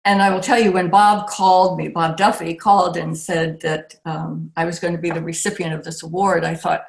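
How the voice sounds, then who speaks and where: An older woman with a slightly low voice gives a heartfelt acceptance speech. She speaks over a video call, often pausing and circling back to restart her sentences. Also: flat delivery, creaky, slight background noise. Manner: warm, reflective, with frequent pauses and restarts. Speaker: award recipient.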